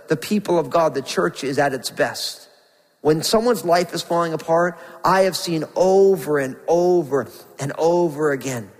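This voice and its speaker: A man preaching a sermon with passion, his voice climbing as he reads Scripture and dropping soft for questions to the congregation. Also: fairly high pitch, long reverb tail, rough recording. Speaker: pastor.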